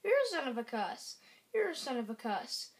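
A woman voicing a boastful little sack-doll star in a homemade game cartoon, squabbling and showing off with sudden loud shouts. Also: sits high, sing-song, husky, full character voice. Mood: bickering. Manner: squabbling, showy, quick shifts to loud shouts.

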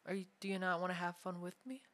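A man's voice: sits high, steady tone, fast talker. A man voicing a whispery, clingy yandere femboy. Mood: clingy menacing. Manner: soft, unsettling, swings between sweet and threatening. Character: obsessive young male yandere femboy, clingy and menacing. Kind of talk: whispered role-play.

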